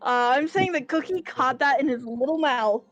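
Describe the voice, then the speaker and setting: Playful woman at a game table, kinda high voice, bit muffled mic. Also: normal speed, soft background music. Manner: playful, joking. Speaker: player. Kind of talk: casual tabletop play.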